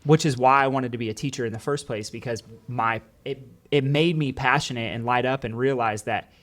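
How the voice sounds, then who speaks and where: A former teacher chats on a casual podcast, earnestly telling stories and quoting his students and their parents, with lots of "like"s. His voice is mid-range, a bit bright, and he speaks briskly.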